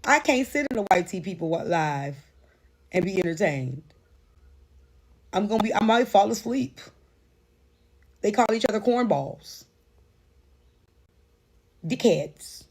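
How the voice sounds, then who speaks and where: Woman on a live stream going off, husky and gravelly, repeats herself a lot, swears. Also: mid-range voice, expressive, unhurried, pauses often, a little mellow. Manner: emphatic, repetitive, profane, with many restarts. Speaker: livestream host. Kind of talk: heated casual rant on a live stream.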